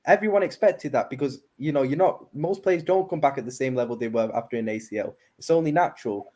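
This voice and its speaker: A man's voice: medium pitch, fast, a little mellow. A man, arguing his football opinions emphatically in a heated panel debate. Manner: opinionated, emphatic, says innit.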